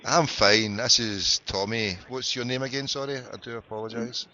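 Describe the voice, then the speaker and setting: A man's voice: medium pitch, moderate pace, pushed and bright, muffled recording, a little hiss or hum. A Scottish man with a Glaswegian accent hosting a casual internet radio show, chatting, swearing and joking as he goes. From Scotland. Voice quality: sweary, jokey, rambling. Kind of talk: casual live chat and phone-in.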